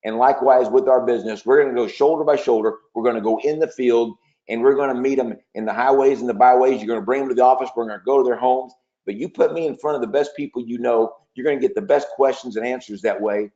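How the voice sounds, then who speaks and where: A man's voice: mid-range voice, quick pace, warm tone. Male sales trainer, persuasive coaching tone, muffled webinar sound. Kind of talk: webinar training talk with role-play. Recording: dull lo-fi webinar audio.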